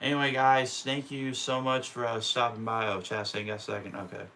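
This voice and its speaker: Male streamer, mid-range voice with a sharp edge, calls laps casually and curses through his frustration. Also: medium pitch, flat delivery, normal speed, a little hiss or hum. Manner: profane, openly frustrated ranting. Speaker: streamer calling a race. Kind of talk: casual live-stream play-by-play.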